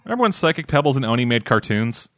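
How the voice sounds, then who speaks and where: A man's voice: mid-range voice, very animated, quick pace, fairly bright tone, dry recording. A man from Canada rambling through a manga recap on a casual podcast, cursing freely along the way. His voice sits in a middle register, and the recording is dry and close with no room sound. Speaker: podcast co-host reviewing manga. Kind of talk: casual chat.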